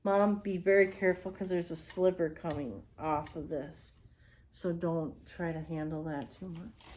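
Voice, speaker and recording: A woman's voice: fairly low pitch, steady tone, unhurried, darkish tone, slight background noise. A woman chatting casually as she shows off home decor she bought, rambling and often adding apologetic asides. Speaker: home decor haul vlogger. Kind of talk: casual show-and-tell chat.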